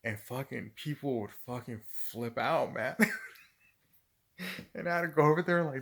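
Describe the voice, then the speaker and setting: A middle-aged man tells work stories casually, his voice gravelly, on the high side and fairly quick. He swears constantly and keeps breaking into laughter, retelling everything in an animated, profane way.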